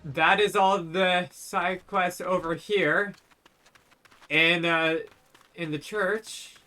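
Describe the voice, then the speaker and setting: A man's voice: high voice, fairly even intonation, extremely slow, sharp tone, soft background music. A man casually commenting while playing a fantasy game, chatty with self-mocking asides. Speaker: game streamer.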